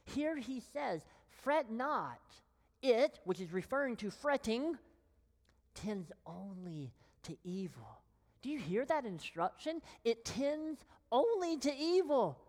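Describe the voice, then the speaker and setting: A woman pastor preaching a sermon with emphatic pauses, sinking to a whisper on key words. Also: high voice, big pitch swings, darkish tone, big-room sound. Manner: slow, emphatic delivery with long pauses, dropping to a whisper on key phrases.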